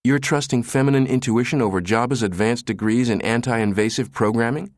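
A man's voice: mid-range voice, a little fast, dry recording, clean studio sound, pitched above the performer's own voice, close to an everyday voice. A man voicing a nervous, exasperated male office assistant who pleads in a flustered way.

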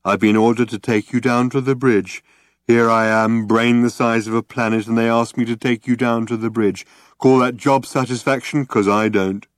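A man reading the part of a gloomy, depressed male robot in a weary droning monotone, in an audiobook. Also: mid-range voice, normal speed, no room sound, clean studio sound, lightly acted. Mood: weary gloom.

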